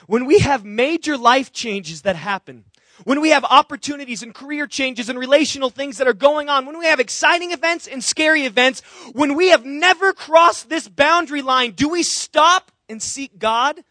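A man's voice: extremely high pitch, moderate pace, sharp tone, no echo, studio quality. A man preaching a sermon, earnest and emphatic, with repeated phrases and direct questions to the congregation. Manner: asks the audience questions directly. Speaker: pastor.

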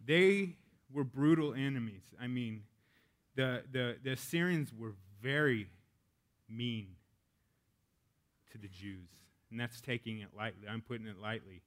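A man's voice: mid-range voice, measured pace. A male pastor preaching a sermon in a casual, candid way, with joking asides.

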